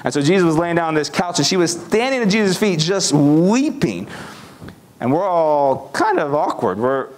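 A man's voice: on the high side, very animated, normal speed, slight background noise. A man playing the disciple Andrew in a first-person sermon, telling the story in a chatty way with fillers.

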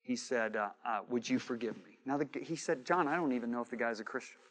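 Delivering his sermon fast, a man with a medium-pitched voice tells a story full of quoted dialogue. He lurches from shouts to quiet asides.

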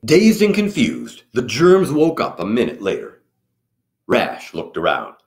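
A man narrates a children's picture book at an unhurried pace. His pitch swings widely as he tells the story, keeping it vivid and animated for young listeners. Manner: slow, expressive storytelling. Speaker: storybook reader.

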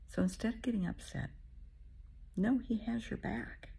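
A middle-aged woman therapist giving a motivational talk, speaking softly and often half-whispering, calling the listener honey. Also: on the high side, moderate pace, creaky, breathy edge.

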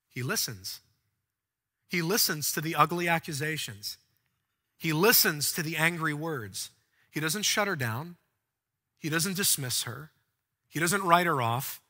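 A man preaching a sermon as pastor of a church, swinging from quiet, soft passages up to fervent, near-shouting peaks. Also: a little high, animated, unhurried, long pauses, slightly rough. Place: large church auditorium. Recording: long hall reverb.

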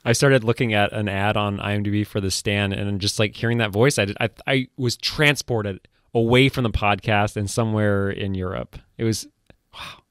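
A man's voice: fairly low pitch, fairly even intonation, moderate pace, fairly bright tone, smooth, no echo, studio quality. A man co-hosting a podcast, chatting casually and in a rambling, joking way about films. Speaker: podcast co-host.

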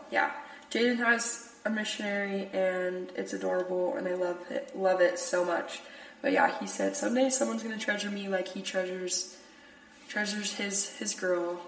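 A woman's voice: mid-range voice, fairly even intonation, unhurried, creaky. A young woman hosting a podcast, chatting casually and laughing often, with lots of filler words. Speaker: podcast host. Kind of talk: casual chat. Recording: echoey room, distant from mic.

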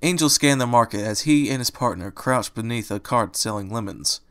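A man reading a fan story aloud as narrator, in plain, steady storytelling. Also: medium pitch, moderate pace, clean tone. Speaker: reader.

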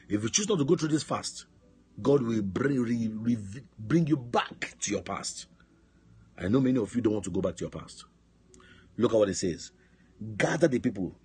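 A man's voice: fairly low pitch, darkish tone, husky. A man pastor preaching a sermon, emphatic, asking his listeners call-and-response questions. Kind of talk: sermon on a prayer line. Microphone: phone line.

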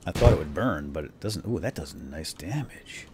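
A man hosting a let's play video, commenting on a boss fight with excited exclamations. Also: extremely low pitch, moderate pace, heavy background noise. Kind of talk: gameplay commentary.

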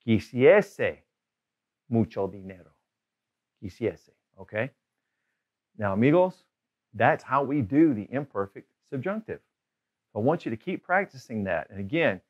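A man's voice: fairly low pitch, lo-fi sound. Upbeat man teaching a Spanish lesson. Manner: upbeat, slows down and stresses the example phrases. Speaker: Spanish language tutor.

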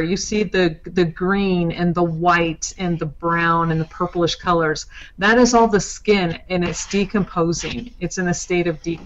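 A woman explaining crime scene photos in a casual live discussion, talking quickly and correcting herself. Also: on the low side, lo-fi sound. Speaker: guest analyst.

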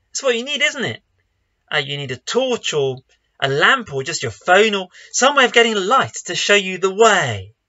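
A man's voice: high voice, bright, forceful tone, lo-fi sound. A man, a pastor giving an online sermon in a conversational, lightly joking way. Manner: conversational, self-deprecating humor.

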